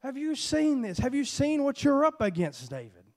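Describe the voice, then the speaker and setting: A preacher voicing a scared, mocking older brother who belittles his young sibling with rapid incredulous questions. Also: very high-pitched, big pitch swings, darkish tone, pitched above the performer's own voice, exaggerated voice. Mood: scornful.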